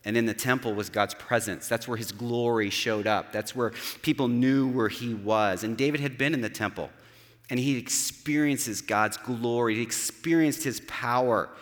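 A man's voice: mid-range voice, normal speed, a bit bright, in a large hall. A man preaching a sermon in an earnest, conversational way, with rhetorical asides to his listeners. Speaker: pastor.

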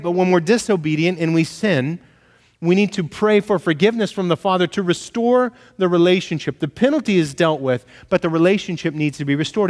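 A male pastor preaching a sermon, telling stories animatedly and acting out shouted exchanges. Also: a little high, long reverb tail.

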